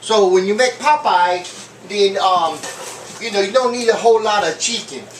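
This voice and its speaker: A man with a high-sitting voice hosts a homemade cooking show at normal speed, rambling, joking and dropping fillers and offhand asides. He's far from the mic in an echoey home kitchen, with clattering pans, clinking dishes and cutlery, plus a little hiss or hum.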